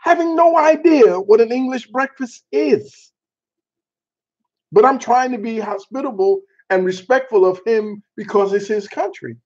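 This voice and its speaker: A man hosting a casual chat show, telling a story in an animated way with laughter and mild cursing. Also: very high-pitched, measured pace. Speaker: show host. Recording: dull lo-fi sound.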